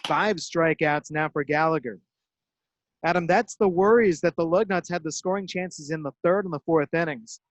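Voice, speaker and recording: A man doing baseball play-by-play with crisp, measured delivery and dramatic emphasis on outs. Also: on the high side, no room sound. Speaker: play-by-play broadcaster. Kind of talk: radio-style baseball play-by-play.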